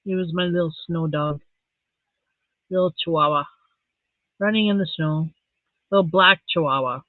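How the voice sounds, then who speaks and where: A middle-aged woman from Saskatchewan hosts a casual live stream. She chats softly and emotionally and reads viewer comments aloud. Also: lowish voice, normal speed, no echo. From Saskatchewan, Canada. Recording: tinny phone-like dry sound.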